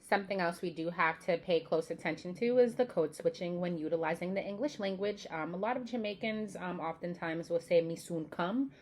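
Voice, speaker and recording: A young woman from the Boston area giving a casual class presentation, often pausing with "um" and demonstrating pronunciations aloud. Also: lowish voice. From Boston area, USA. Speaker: student presenter.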